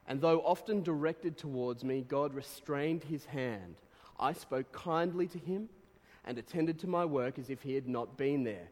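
A man preaching a sermon, reading quotes aloud and breaking into animated exclamations. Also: medium pitch. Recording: long reverb of a hall.

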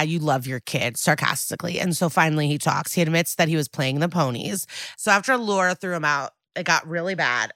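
Chatty woman recapping with lively acted quotes. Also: no echo, clean studio sound. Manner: animated storytelling, acting out quoted lines with jumps in pitch. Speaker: podcast co-host recapping an episode. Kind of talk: casual chat.

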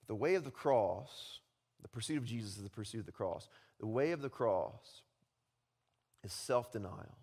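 A man preaching a sermon, animated, swinging from loud, high mocking voices to low, quiet, earnest tones. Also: normal speed, gravelly, husky. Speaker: pastor.

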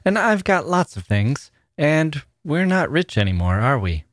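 Story reading: man playing a polite little girl, raised pitch, eager and chattering. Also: sing-song, measured pace, dry recording, studio quality. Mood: earnest.

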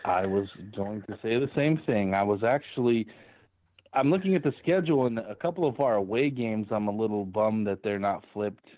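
A man co-hosts a laid-back sports podcast, rambling through stories and laughing as he goes. His voice sits slightly low and very dry. It comes through a narrow, tinny phone line. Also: moderate pace, dry recording. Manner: laughs often, rambling storyteller. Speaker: podcast co-host. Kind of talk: casual sports podcast chat.

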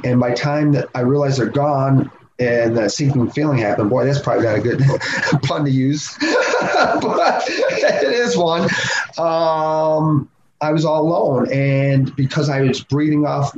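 A man guest on a podcast, telling a story in a lively way and laughing often. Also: medium pitch. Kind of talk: animated storytelling. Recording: slightly dull sound with faint noise.

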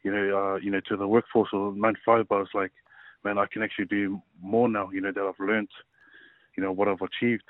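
A man in his thirties, a rugby league player, telling his personal story in a casual interview, halting and full of fillers. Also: fairly low pitch, level tone, no echo. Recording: tinny phone-like line.

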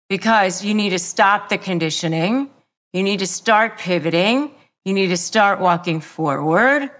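Slow, emphatic woman giving advice. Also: medium pitch, a bit bright. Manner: emphatic, repetitive, measured delivery. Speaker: lawyer and negotiation coach. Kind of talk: motivational advice talk.

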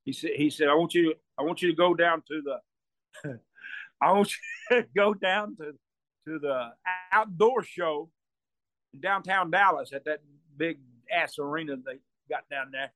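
Guy spinning a yarn, bright forceful voice, dry close sound, keeps repeating himself. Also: a little high, normal speed, long pauses, dry recording. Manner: rambling, repeats words, laughs mid-story; acts out quoted voices loudly. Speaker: storyteller guest. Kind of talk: casual storytelling.

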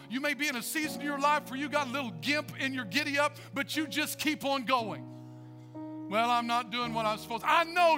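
A man preaching a sermon as pastor, with an emphatic, repetitive cadence. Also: very high-pitched.

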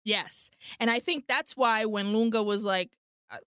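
A woman co-hosting a podcast recaps a film's plot in animated, casual chat, swearing freely as she goes. Her voice sits fairly high. The sound is dry and close, with no room around it. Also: unhurried, smooth, no room sound. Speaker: podcast co-host.

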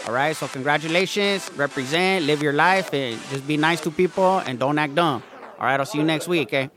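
A man's voice: on the high side, brisk, music in the background, close to an everyday voice. A man playing an upbeat cholo fitness instructor who talks in a laid-back, slang-heavy way and keeps drawing out "homie.". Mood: pep talk.

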